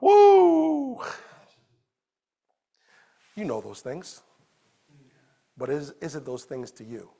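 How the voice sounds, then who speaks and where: A pastor preaches at a church service, animated as he swings between loud exclamations and quiet storytelling. His mid-range voice is gravelly and husky, unhurried, with long pauses.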